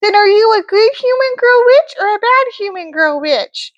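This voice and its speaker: A sweet, high-pitched good witch who chirps every line , as a woman reads her own childhood play aloud. Her voice climbs and dips all over, overly polite and sing-song. The sound is close and dry. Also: animated, normal speed, no room sound, recorded from a distance, muffled recording. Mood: chirpy.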